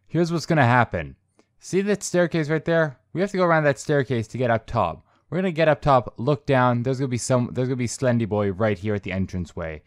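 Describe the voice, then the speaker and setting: A man's voice: mid-range voice, no room sound, clean studio sound. A man hosting a let's play video, rambling and joking as he comments on a horror game. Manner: joking, rambling, mock voices for characters. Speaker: gaming channel host.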